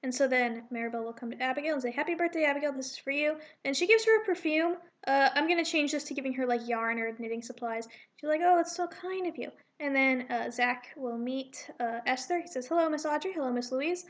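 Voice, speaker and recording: A woman's voice: high-pitched, a little fast, hardly any pauses. A woman casually reading through her draft comic aloud, voicing the characters and adding rambling, self-correcting asides.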